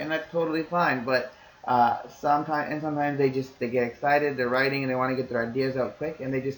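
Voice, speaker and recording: A man's voice: mid-range voice, reverberant, a little hiss or hum, rough recording. A man teaching, explaining to parents in a recorded lesson in an easygoing, reassuring way, talking things through step by step.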